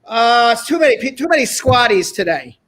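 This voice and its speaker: A high-pitched man from New York hosts a live-stream talk show, chatting loosely and calling out viewers one by one. His talk is casual and full of quick asides. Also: very animated, fairly bright tone. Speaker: host.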